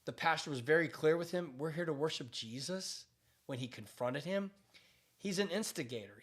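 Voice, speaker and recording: A man speaking as a pastor, giving emphatic commentary on current events with repeated phrases and frequent restarts. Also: fairly high pitch.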